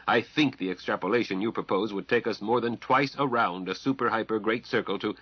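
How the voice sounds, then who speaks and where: A man's voice: lowish voice, fairly quick, slightly rough, no room sound, highs cut off. A man reading an audiobook, voicing a cautious, scholarly mathematician who explains things carefully. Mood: explaining. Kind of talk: audiobook character voice.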